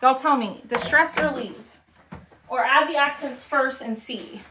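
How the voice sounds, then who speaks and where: A woman's voice: high-pitched, measured pace, background noise. A woman, chatting casually with viewers while she crafts on a livestream, trailing off as she concentrates.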